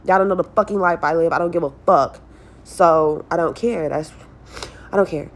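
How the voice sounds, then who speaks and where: Speaking at a moderate pace in a fairly low voice, this young vlogger tells a personal story-time tale, venting about her life directly to viewers. She's blunt and stressed and swears a lot.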